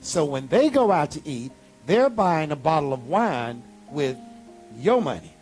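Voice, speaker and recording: Animated preaching man, lively pitch. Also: unhurried, faint music behind. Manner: animated preaching with sudden high exclamations. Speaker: pastor. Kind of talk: sermon.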